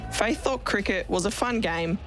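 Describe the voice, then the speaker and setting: A woman with an Australian accent, a cricketer, reading a children's story aloud in a lively, expressive way. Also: mid-range voice, moderate pace. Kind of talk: storybook narration. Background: background music.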